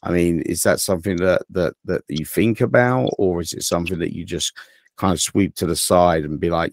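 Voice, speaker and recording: A man's voice: sits low, moderate pace, vocal fry, no room sound. A man with an English accent hosting a casual podcast chat, rambling and full of "you know", with dry teasing humor. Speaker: podcast host.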